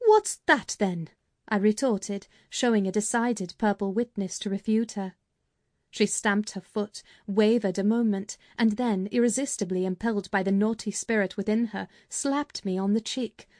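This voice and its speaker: Woman narrating an audiobook, mellow voice, dry close sound, steady pace. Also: mid-range voice, moderate pace, dry recording. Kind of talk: scripted narration.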